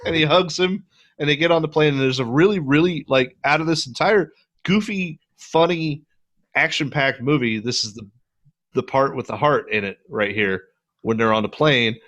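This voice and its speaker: A middle-aged man co-hosting a podcast, casually and profanely retelling movie scenes with lively voices. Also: medium pitch, moderate pace. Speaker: podcast co-host. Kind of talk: casual movie review chat.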